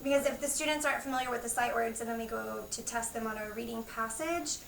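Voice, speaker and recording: A woman's voice: a little high, quick pace, vocal fry, crowd noise. A woman first grade teacher explaining spelling and phonics to parents, giving friendly examples. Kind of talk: explaining to parents at a school meeting. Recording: echoey room, far from the mic, faint noise.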